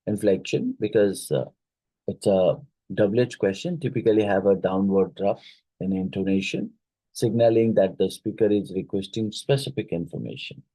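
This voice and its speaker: A man's voice: fairly low pitch, dark tone, no echo, rough recording. A man teaching an exam-prep lesson, reading each question aloud, repeating it, and talking through the answer with fillers.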